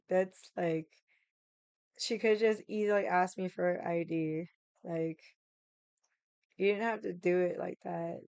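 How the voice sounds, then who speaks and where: A woman streams from her room and tells a long story to her chat. She swears freely and leans on fillers as she talks, in a smooth, clear voice. The sound is close and dry, with no room around it. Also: lowish voice, steady tone, slow, pauses often, darkish tone, no room sound, lo-fi sound. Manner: chatty, swears a lot, many fillers. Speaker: livestream host. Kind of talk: casual storytelling to a live chat. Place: home room.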